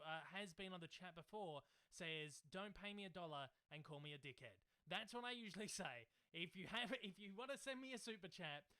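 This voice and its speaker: A man's voice: sits high, sharp tone, clear, resonant tone. A young man hosting a casual livestream Q&A from home, rambling and chatty with lots of fillers. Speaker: YouTube channel host. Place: home, in Melbourne.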